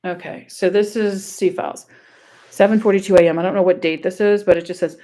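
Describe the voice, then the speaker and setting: A dark, lowish voice with a steady tone and fairly quick pace belongs to a Louisiana woman reading screenshots out in a relaxed vlog. As an online commentator, she's profane, blunt and sarcastic.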